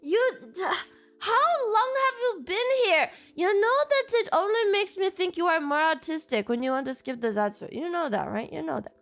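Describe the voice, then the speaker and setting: Sleepy, giggly high-voiced woman streamer. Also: animated, normal speed, fairly bright tone. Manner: giggly, swears freely, chatty with viewers. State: sleepy, just woke up. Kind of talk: casual livestream chat.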